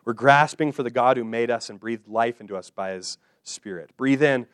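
A man delivering a sermon in a middle-pitched voice, working through the text with repeated, rhythmic phrases that build and then settle back. The sound is dry and close, with little room around it. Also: moderate pace, smooth, no echo. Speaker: preacher. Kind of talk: expository sermon.

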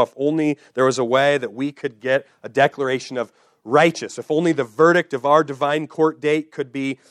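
Male preacher, earnest teaching tone, repeats key lines, mid pitch, dry close sound. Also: no echo. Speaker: pastor. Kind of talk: sermon.

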